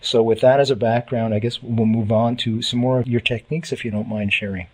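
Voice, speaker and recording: A man's voice: mid-range voice, steady tone, fairly quick, a little mellow, husky, low-quality recording. Canadian man hosting a radio interview. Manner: engaged, encouraging, frequent affirmations. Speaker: radio show host.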